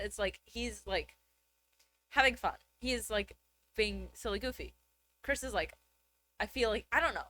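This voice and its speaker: A woman with a bright, sharp voice chats casually. Her pitch swings widely, and she rambles with constant filler words. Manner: chatty, filler-heavy rambling with lots of "like". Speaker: co-host. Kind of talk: casual chat.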